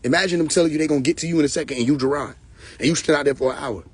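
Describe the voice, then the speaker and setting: A man's voice: a little high, racing, husky, dry recording. A man telling comic stories on a live stream, acting out both sides of the dialogue and laughing often. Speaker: livestream host. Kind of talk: casual storytelling on a live stream. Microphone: phone.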